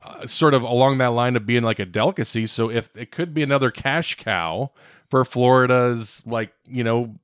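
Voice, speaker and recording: A man co-hosting a casual podcast chat, jokey and quick with sports comparisons. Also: medium pitch, dry recording, studio quality. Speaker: co-host.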